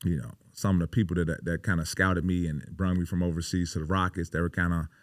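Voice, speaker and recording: This pro basketball player, in his thirties, has a deep, steady voice and talks fast as a podcast guest. His storytelling is casual and emphatic, laced with swearing and "you know" fillers, recorded studio quality with no echo.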